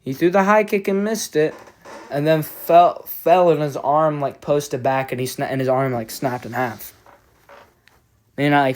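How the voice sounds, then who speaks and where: A man talks in a loose, rambling fan reaction, stumbling over his words and restarting often. He swears a lot and sounds agitated and frustrated. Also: mid-range voice. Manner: rambling, profane, many restarts. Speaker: MMA fan commentator. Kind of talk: casual reaction vlog.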